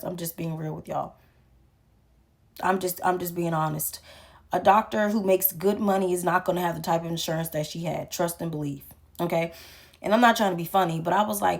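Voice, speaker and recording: A woman's voice: fairly low pitch, brisk, creaky. A woman telling a casual storytime to her viewers, venting in an exasperated way about a hard work call. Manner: exasperated, addresses viewers directly. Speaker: intake worker at a therapy practice. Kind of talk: casual storytime vent to camera.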